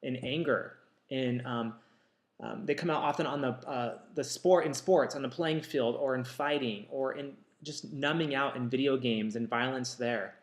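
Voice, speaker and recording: A man, an author and counselor, telling a personal story in a casual, reflective way, with many pauses and restarts. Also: medium pitch, reverberant. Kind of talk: casual talk to camera.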